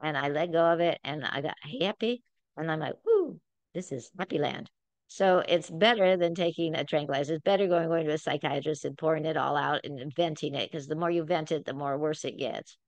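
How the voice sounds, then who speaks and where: A woman's voice: low voice, a little fast, dry recording. Earnest woman teaching Bible study. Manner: earnest, emphatic, conversational preaching.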